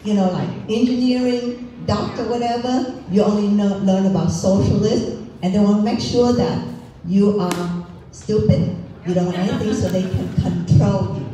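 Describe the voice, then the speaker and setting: A woman's voice: mid-range voice, fairly even intonation, moderate pace, mellow. Woman from Vietnam speaking in an echoey hall. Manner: storytelling, broken English, earnest. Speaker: political candidate. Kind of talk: campaign speech. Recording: echoey room from far off, faint noise.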